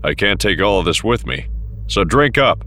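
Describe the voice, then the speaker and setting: A man's voice: on the low side, animated, moderate pace, pushed and bright. A man voicing a wry, easygoing older father figure in an audiobook. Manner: wry, easygoing, lopsided grin.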